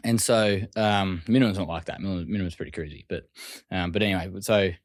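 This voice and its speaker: An Australian man, a guest telling stories casually and acting out other people's lines in quick quoted voices. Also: deep voice, dry recording, clean studio sound. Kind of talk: casual storytelling.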